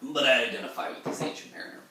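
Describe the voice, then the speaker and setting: A man giving a casual lesson on a poem, rambling through his explanations and sometimes breaking into a loud, gruff pirate voice to read the verses. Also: medium pitch, lively intonation, racing, distant mic, a little hiss or hum. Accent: pirate-style put-on accent in readings. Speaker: literature lecturer. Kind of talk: informal poetry lesson with pirate-voiced readings. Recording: echoey room, voice a bit off-mic.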